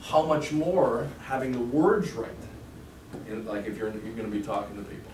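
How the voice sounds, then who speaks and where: A man's voice: medium pitch, animated, moderate pace, recorded from a distance. Man teaching a class in an echoey room. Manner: conversational, quizzes the class with questions. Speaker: real estate sales trainer. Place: training room with a live class. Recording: echoey room from afar with clear background noise.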